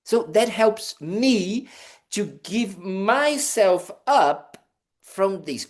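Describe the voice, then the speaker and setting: Speaking extremely slowly, this monk has a high voice with lively intonation. His dharma talk is relaxed and playful, peppered with "you know" and false starts, and he dramatizes small scenes with a "da, da, da."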